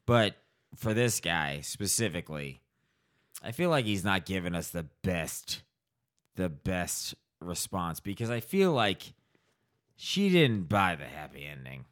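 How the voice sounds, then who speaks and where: A man's voice: low voice, a little slow. A man co-hosting a casual podcast chat, swearing freely and acting out little scenes as he tells stories. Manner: profane, animated storytelling with acted-out voices.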